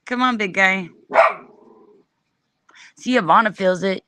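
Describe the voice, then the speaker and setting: A woman chatting casually on a livestream, animated and swearing freely as she talks back to her chat. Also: mid-range voice, slow, long pauses, heavy background noise. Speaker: livestream host.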